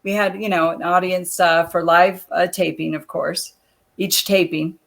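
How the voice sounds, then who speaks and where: A chatty woman telling long stories on a video call. She is a lively storyteller who laughs easily between anecdotes. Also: fairly low pitch, a little slow, creaky. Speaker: guest, former wrestler. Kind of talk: casual interview chat.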